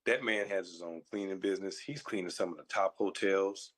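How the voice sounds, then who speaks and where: Earnest former football player telling stories. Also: male voice, deep voice, fairly quick. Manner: earnest, storytelling, opinionated. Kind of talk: casual radio talk.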